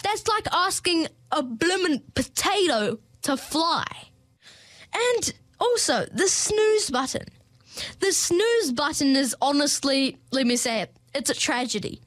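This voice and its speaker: A woman's voice: high-pitched, very animated, slow pace, a bit bright, dry recording. A young woman, hosting a podcast in a playful, chatty comedic monologue full of fillers and jokey asides. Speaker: podcast host.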